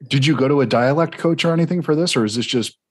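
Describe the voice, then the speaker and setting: A man with a fairly high, husky voice talks at a quick pace as host of a film podcast. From Georgia with a Southern American accent, he chats eagerly in this conversational interview, frequently rambling with restarts.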